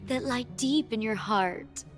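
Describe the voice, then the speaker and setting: A woman's voice: fairly high pitch, slow. A woman voicing a sly young woman villain in a video game, speaking in a mocking, teasing drawl. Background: faint game music.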